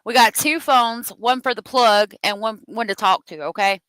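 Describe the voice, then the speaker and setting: A woman's voice: a little high, moderate pace, a bit bright, clear, resonant tone, no room sound, rough recording. A woman hosting a true crime livestream, heated and profane as she talks, thanking viewers for their donations. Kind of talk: angry live commentary.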